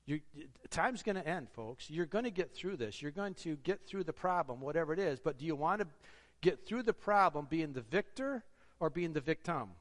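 A man's voice: on the high side, lively intonation, normal speed. A man preaching a sermon, earnest and exhorting, asking the congregation rhetorical questions. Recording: long hall reverb.

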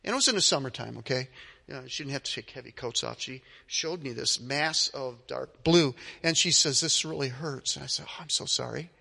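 A man preaching a sermon as pastor, telling stories with animated delivery and acting out the voices of the people in them. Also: medium pitch, a little fast, creaky, long reverb tail. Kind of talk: sermon with storytelling.

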